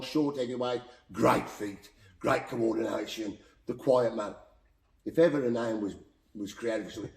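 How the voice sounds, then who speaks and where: A boxing coach with a Black Country accent, telling heartfelt stories in an animated, repetitive way as a podcast guest. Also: male voice, mid-range voice. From Black Country, England. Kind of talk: emotional storytelling in conversation. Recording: roomy echo.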